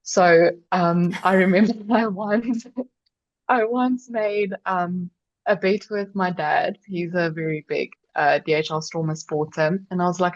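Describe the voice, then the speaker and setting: A woman's voice: fairly low pitch, steady tone, a little slow, no echo, highs cut off. A South African woman co-hosting a rugby podcast, chatting casually and telling stories with frequent laughs. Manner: chatty, storytelling, laughs often. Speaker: podcast co-host. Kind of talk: casual chat.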